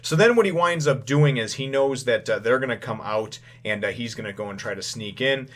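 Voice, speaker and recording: Male host, mid-pitched, casual first-impressions recap, rambling, loose paraphrased dialogue. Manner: rambling, full of filler phrases; acts out lines in quick paraphrase. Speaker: manga chapter reviewer.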